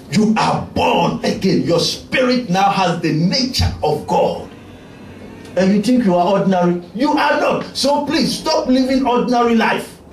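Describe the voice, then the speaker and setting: A male pastor preaching a sermon in a church, emphatic and often shouting. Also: sits high, a little hiss or hum. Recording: echoey church from far off.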